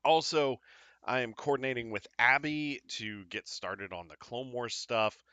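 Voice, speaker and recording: Upbeat rambling man, bright and dry. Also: medium pitch, a little slow, clean tone, dry recording, muffled recording. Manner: rambling, upbeat, lots of fillers and apologies. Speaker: podcast host. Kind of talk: casual live-stream chat.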